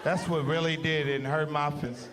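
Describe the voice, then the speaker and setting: A man in his older years doing a stand-up comedy routine, telling crude stories in a loud, animated way. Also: a little high, a little fast. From United States. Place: comedy club stage with a laughing audience. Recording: live stage in a large hall, loud crowd noise.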